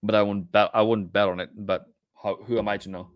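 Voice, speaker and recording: A man's voice: lowish voice, level tone, brisk, no room sound. A man with a Norwegian accent hosting a live trading stream, chatting loosely with viewers and rambling as he reads the chat. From Norway.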